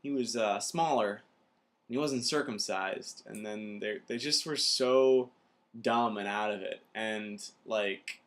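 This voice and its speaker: A man's voice: on the low side, slow, fairly bright tone. A young man from the Minneapolis area giving a rambling, casual vlog review of a film, full of filler words. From Minneapolis area, USA.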